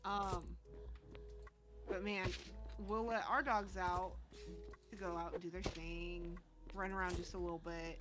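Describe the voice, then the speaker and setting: A woman's voice: fairly low pitch, flat delivery, measured pace, long pauses. Chatty exasperated woman on a stream. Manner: chatty, exasperated storytelling with many fillers. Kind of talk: casual chat on a live stream. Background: background music.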